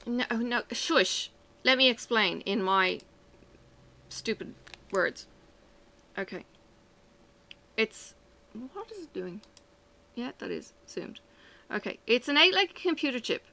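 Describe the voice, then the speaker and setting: A woman chatting to her camera, animated and self-mocking as she tells stories at home. Her voice has a bright, forward tone with a gravelly fry at the ends of phrases. She jumps between asides and punchlines. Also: on the high side, slow pace, pauses often, a little hiss or hum. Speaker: vlogger. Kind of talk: casual chat to camera.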